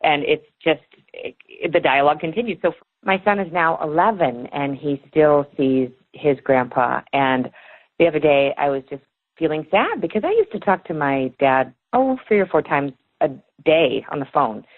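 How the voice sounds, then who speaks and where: A woman in her forties, a book author, telling personal stories in an animated way in a podcast interview. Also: low-pitched, normal speed. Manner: animated storyteller, acts out dialogue. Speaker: author guest. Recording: tinny phone line.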